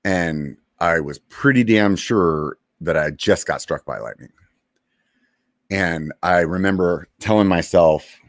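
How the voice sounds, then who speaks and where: A military veteran in his forties casually tells a story from his service, laid-back and profane, full of fillers and pauses. His voice is low-pitched, and the studio-quality recording has no echo.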